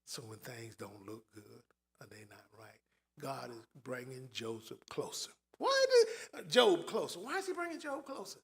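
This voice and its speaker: A man preaches a sermon in an emphatic style, turning to the congregation with asides. His voice is high and bright. His delivery is slow and unhurried, and his pitch swings widely.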